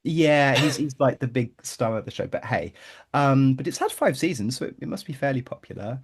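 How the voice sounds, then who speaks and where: Brief: playful male podcast guest from Birmingham, animated, laughs a lot, mid-pitched voice. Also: brisk, husky. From Birmingham, England. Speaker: guest co-host. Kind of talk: podcast chat.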